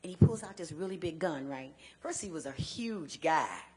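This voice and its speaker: A Chicago woman, a guest speaker and advocate, gives a personal testimony in a low, dark voice with lively intonation. She's earnest and emphatic, repeating key phrases and stumbling into restarts when emotional memories press in.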